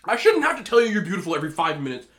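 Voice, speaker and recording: Talking with his mouth full, a man hosting a mukbang delivers opinionated, casual rants between bites. He speaks very fast in a high, sing-song voice with a fairly bright tone.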